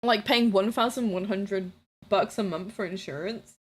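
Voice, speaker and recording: A woman streamer chatting casually with her live chat, blunt and playful, teasing viewers, swearing freely and breaking into excited shouts and laughter. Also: mid-range voice, normal speed, husky.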